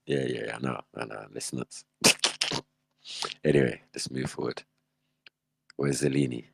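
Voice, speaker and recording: A man's voice: very deep voice, fairly even intonation, unhurried, vocal fry, a bit bright, slightly rough, dry recording. A man hosting a livestream, reacting in casual, slangy commentary and laughing often. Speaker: livestream host.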